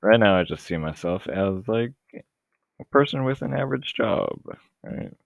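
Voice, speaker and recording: A man's voice: lowish voice, expressive, moderate pace, vocal fry, no room sound. A young man, losing his voice, rambling hesitantly and sarcastically through casual gameplay commentary. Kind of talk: casual let's-play commentary. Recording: tinny lo-fi dry mic.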